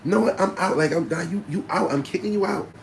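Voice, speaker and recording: A man voicing a fed-up young woman who loudly scolds her boyfriend. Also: high voice, gravelly, pitched above the performer's own voice. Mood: scolding. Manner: loud, exasperated, fast scolding. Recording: steady background noise.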